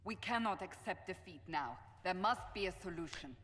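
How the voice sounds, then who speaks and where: A woman's voice: lowish voice, expressive, moderate pace, crowd noise, lightly acted. An actress playing a cautious, formal female diplomat in a video game. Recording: game audio with long reverb.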